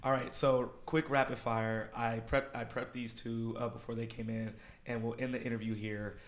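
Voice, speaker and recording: A man hosting a podcast interview, excitable and quick to laugh, chatting casually with his guests. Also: mid-range voice. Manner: excitable, laughing, quick rapid-fire asides. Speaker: podcast host. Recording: roomy echo.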